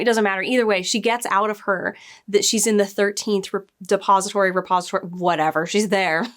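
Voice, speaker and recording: A woman's voice: medium pitch, fairly even intonation, a little fast, fairly bright tone. A young adult woman casually reviewing a TV episode, retelling scenes in a chatty way with quoted lines and asides. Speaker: show reviewer.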